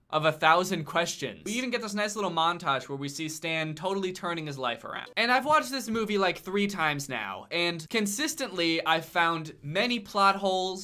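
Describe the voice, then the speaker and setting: A man's voice: on the high side, sharp tone. A young man giving a sarcastic, incredulous comedic movie review as a YouTube host.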